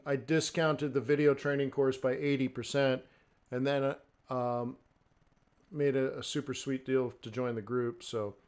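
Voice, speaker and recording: A man hosting a live trading stream, giving loose, chatty market commentary and checking in often with the viewers. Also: mid-range voice. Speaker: forex trader and stream host.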